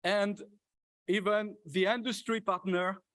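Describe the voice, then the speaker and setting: Halting, higher-voiced man closing a conference. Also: fairly even intonation, a bit bright, no echo. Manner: halting, many hesitations and restarts. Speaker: conference organizer giving closing remarks. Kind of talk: closing speech thanking participants. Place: conference hall stage.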